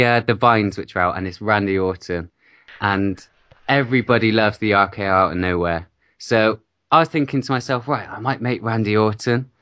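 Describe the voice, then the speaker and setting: A man with a British accent, co-hosting a casual gaming podcast, easygoing and quick to laugh at himself. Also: lowish voice, a bit bright, dry recording. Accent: British English. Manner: easygoing, laughs often, self-mocking. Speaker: podcast co-host.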